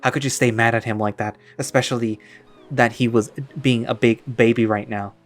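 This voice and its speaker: A man reading a story aloud as narrator in a plain, steady second-person voice. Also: mid-range voice, normal speed, faint music behind.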